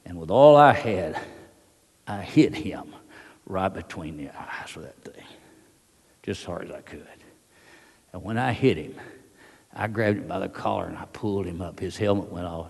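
An older man with a drawl tells a wartime story to a hall audience in a very deep voice. He talks in a folksy, halting way, with plenty of uh's. His voice rings with the long echo of a big room. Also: vocal fry, darkish tone, husky. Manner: folksy, halting, with many fillers. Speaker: veteran speaker. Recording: long reverb of a large hall.

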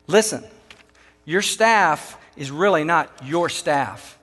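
A pastor with a Texan accent preaches to church leaders, pressing his points with emphatic rhetorical questions to the audience. His voice sits fairly high and bright, with lively intonation and a slow pace. A long hall reverb surrounds the recording.

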